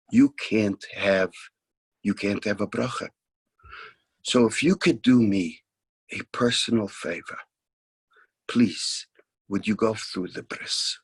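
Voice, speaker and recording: A man tells a story in a slow, unhurried way, his voice a little husky and set fairly low. He acts out each character's lines and sinks toward a hushed whisper when the story turns tender. The sound is dry and close. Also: no echo. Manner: unhurried, reenacts dialogue, drops to near whisper at tender moments. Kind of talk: spoken storytelling.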